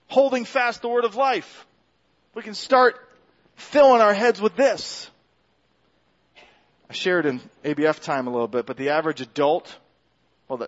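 A man preaches to his church in an easy, conversational way, often restarting his sentences and poking fun at himself. His voice sits high for a man. The recording sounds somewhat dull and lo-fi. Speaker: pastor. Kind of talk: sermon. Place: church sanctuary.

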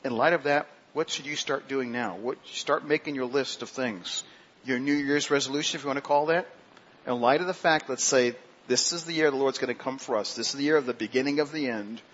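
Male pastor, mid pitch, earnest sermon delivery; dull lo-fi recording, faint noise. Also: a bit bright. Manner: earnest preaching, slows and lifts his voice on scripture quotes.

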